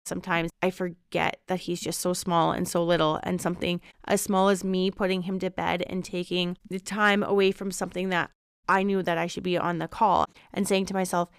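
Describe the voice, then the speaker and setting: A woman in her thirties hosting a podcast, talking candidly in a relaxed, reflective monologue. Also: on the low side, normal speed, smooth, no echo, clean studio sound. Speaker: podcast host. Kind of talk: casual personal reflection.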